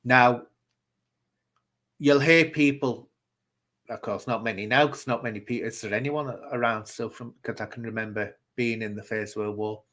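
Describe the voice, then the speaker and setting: A man's voice: mid-range voice, normal speed, fairly bright tone. A man from the UK hosting a casual live-stream chat, talking in an opinionated, rambling way and reading out viewer comments. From United Kingdom.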